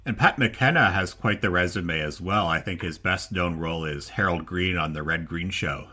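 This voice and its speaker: Man, podcast host, very low voice, bright tone, prepared questions. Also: moderate pace, slightly rough. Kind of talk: interview questions.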